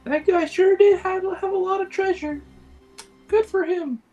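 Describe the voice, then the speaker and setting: A woman's voice: very high-pitched, steady tone, measured pace, mellow, muffled recording, faint music behind. A woman playing a tabletop game, speaking in a cheerful, playful way. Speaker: player. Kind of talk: casual tabletop play.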